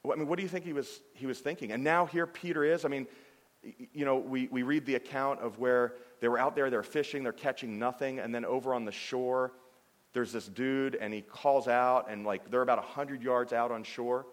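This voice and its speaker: A man preaching a sermon, animated and conversational, with frequent restarts and "I mean" fillers. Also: medium pitch, normal speed. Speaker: pastor. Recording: long hall reverb.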